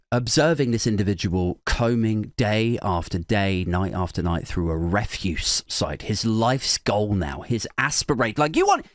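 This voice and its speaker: A man's voice: medium pitch, fairly bright tone, no echo, clean studio sound. A man hosting a podcast, giving a crude, sarcastic comedic commentary and slipping in mock voices. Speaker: podcast host.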